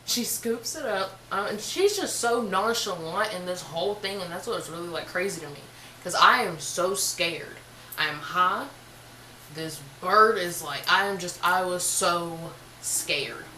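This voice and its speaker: A young woman with a bright, forward voice spins a casual storytime in an animated, slangy way. She records on a camera mic in a room at home, with a roomy echo and faint ambience behind her. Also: lowish voice, measured pace, slight background noise. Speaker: vlogger.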